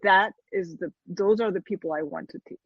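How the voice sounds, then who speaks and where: Spanish-accented woman in her fifties, husky. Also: mid-range voice, fairly quick, no echo, highs cut off. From Spain. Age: 50s. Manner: earnest, restarts mid-sentence. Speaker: guest. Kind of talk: casual interview chat.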